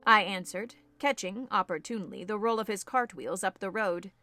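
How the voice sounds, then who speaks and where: A woman narrating a classic novel audiobook in a measured storytelling manner. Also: medium pitch, pushed and bright, faint music behind.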